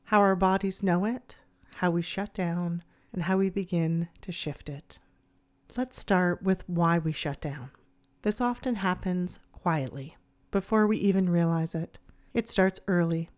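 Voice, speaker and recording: A woman speaking in a soft, soothing, measured way, her voice sitting a little low. She narrates calmly, as the host of her own show. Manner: gentle, soothing, measured delivery. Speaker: podcast host. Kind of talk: calm scripted narration.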